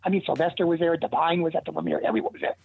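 A man's voice: fairly high pitch, rapid-fire, vocal fry, slightly rough, no room sound. An older man telling long, rambling stories as an interview guest, with restarts along the way. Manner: rambling, animated anecdotes with restarts. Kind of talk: casual storytelling. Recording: tinny dry phone line.

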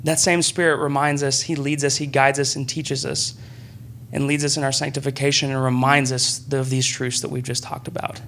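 A young man preaching a sermon in a church room, earnest and conversational, breaking into excited bursts. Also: medium pitch, moderate pace, a little hiss or hum.

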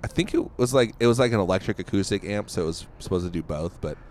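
A man's voice: deep voice, lively intonation, fast, a little mellow, slight background noise. A man cohosting a podcast, rambling casually and laughing easily. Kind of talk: casual chat.

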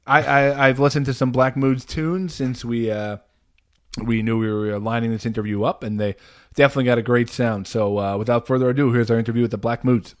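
A man hosts a casual podcast from a remote call. He rants in an animated, rambling way, stacking fillers and restarts. His voice sits at an ordinary middle pitch. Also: a little fast. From New Jersey. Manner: animated, ranting, lots of "like" and restarts. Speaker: podcast host.

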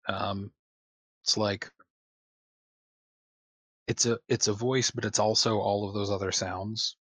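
A man's voice: fairly low pitch, flat delivery, takes it slowly, a bit bright, slightly rough, no echo. A man running a tabletop game as game master, hesitant with many restarts.

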